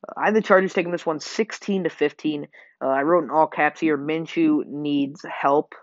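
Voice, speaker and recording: A man's voice: fairly high pitch, fairly even intonation, moderate pace, no room sound. A man hosting a sports podcast, rambling through game predictions with lots of fillers and self-corrections. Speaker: podcast host. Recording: dull lo-fi home mic.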